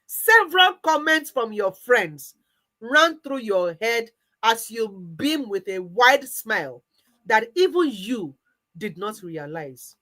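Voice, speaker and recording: A woman coach with a Nigerian accent tells a story in the second person, guiding the listener through an imagined day. Her voice is fairly high, and her storytelling is lively. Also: slow, rough recording. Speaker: weight-loss coach. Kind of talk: guided visualization narration.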